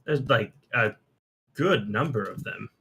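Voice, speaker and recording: A man talking casually in an online staff meeting, relaxed, with frequent fillers and trailing sentences. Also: medium pitch, measured pace, slightly rough. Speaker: infrastructure staff member.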